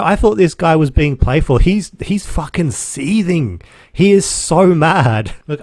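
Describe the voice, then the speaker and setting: A young Australian man rants into the mic in a casual, sarcastic way, with swearing sprinkled through his story. His voice sits at an ordinary middle pitch, and the recording is dry and close, with no room sound. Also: no echo. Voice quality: animated, swears freely, sarcastic. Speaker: podcast host, reseller. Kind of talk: casual ranting monologue.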